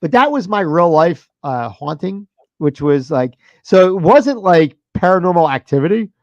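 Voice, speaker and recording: A man in his thirties, a podcast co-host, telling a story in a profane, animated, casual way. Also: high voice, moderate pace, no echo, dull audio.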